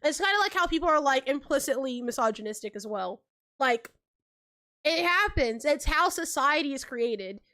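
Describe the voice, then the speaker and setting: High-voiced chatty young woman streamer. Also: expressive, moderate pace, pushed and bright. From California. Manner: chatty storytelling, acts out quotes, laughs often; says like a lot. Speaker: livestream host. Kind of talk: casual livestream chat.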